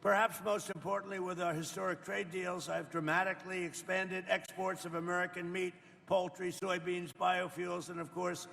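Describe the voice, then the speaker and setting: A man's voice: high-pitched, little pitch movement, normal speed, creaky, few pauses, pushed and bright, in a large hall. An older man, a president, giving a rambling off-the-cuff speech to farmers, boasting and turning to the audience with chatty asides. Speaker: president speaking at a farmers' roundtable. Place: indoor roundtable event.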